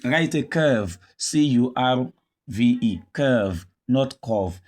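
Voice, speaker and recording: A man's voice: mid-range voice, lively intonation, takes it slowly, a little mellow. A man teaching an English pronunciation lesson, repeating each word several times as a drill.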